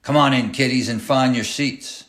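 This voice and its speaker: Man voicing a cruel clown bus driver, sneering, bossy, raised and loud, echoey room. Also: mid-range voice, fairly even intonation, normal speed, pitched above the performer's own voice, close to an everyday voice. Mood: menacing. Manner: sneering, bossy, barking threats.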